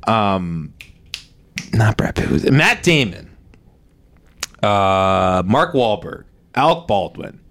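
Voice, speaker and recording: A man's voice: lowish voice, big pitch swings, slow pace, pauses often, fairly bright tone. A young man in casual podcast chat, easygoing, laughing often and saying "like" a lot. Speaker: podcast co-host.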